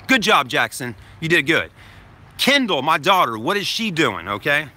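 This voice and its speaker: A dad vlogs into his phone, held toward himself, outside a grocery store, rambling through a story to camera and tacking "okay?" onto his points. His voice is fairly high-pitched, very animated and sharp, at a normal speed.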